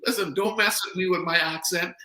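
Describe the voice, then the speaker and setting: A middle-aged Bahamian man hosts a casual podcast, telling animated stories and repeating words to drive each point home. His voice sits a little high and rings bright. The sound carries a roomy echo. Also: a little fast. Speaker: podcast host. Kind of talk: casual faith podcast chat.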